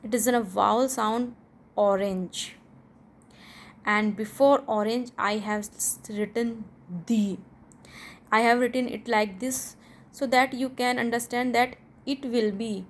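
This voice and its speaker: A young woman teaching English pronunciation, slowly and deliberately explaining a rule and repeating the example words. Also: on the high side, fairly even intonation.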